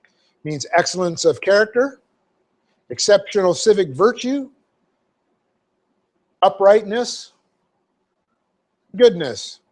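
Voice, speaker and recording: Pastor, male, fairly high voice, explains Greek words step by step with lots of fillers. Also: animated, slow, long pauses, a little mellow. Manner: methodical, spells out Greek words letter by letter; frequent fillers and "okay?" check-ins. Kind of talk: verse-by-verse Bible teaching. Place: church sanctuary.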